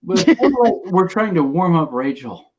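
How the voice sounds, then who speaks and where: Playful high-voiced guy from pennsylvania, bouncy, dull lo-fi call audio. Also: big pitch swings, moderate pace, darkish tone. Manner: joking, playful. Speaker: stream guest. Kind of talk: casual live-stream chat. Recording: muffled web-call audio.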